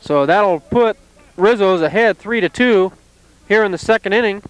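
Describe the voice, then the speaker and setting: Guy doing softball play-by-play outside, highish voice, real clear, calm and steady. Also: moderate pace, no echo, poor audio. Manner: calm, steady, plainly descriptive calls. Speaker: play-by-play announcer. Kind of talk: amateur softball play-by-play commentary. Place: outdoors at a softball field.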